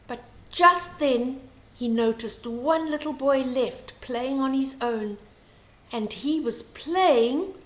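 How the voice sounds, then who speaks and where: An older woman reads a children's bedtime story slowly and expressively. Her high voice rises and falls in a lively way, and the reading rings in a roomy, echoey room. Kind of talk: bedtime story read aloud. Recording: roomy echo.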